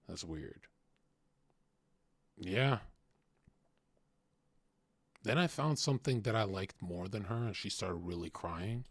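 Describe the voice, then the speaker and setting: A young man with a fairly low voice rambles through crude personal stories in a casual monologue. He swings between loud outbursts and quiet mumbled asides. The sound is dry and close, with no room echo. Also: expressive, a little slow, long pauses, slightly rough. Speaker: podcast host.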